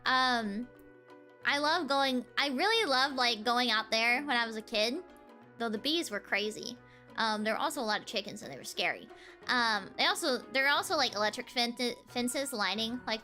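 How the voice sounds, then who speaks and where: A woman's voice: fairly high pitch, sharp tone. A young woman from the Southern United States, a streamer chatting casually with viewers, giggling and rambling with lots of fillers and restarts. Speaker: VTuber streamer. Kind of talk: casual chat answering viewers.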